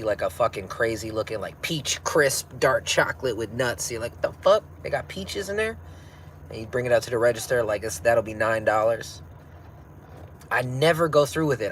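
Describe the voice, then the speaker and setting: A man's voice: lowish voice, fairly bright tone, a little hiss or hum, rough recording. A man in his thirties hosting a casual livestream, talking in a laid-back, rambling way full of slang and swearing. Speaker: livestream host.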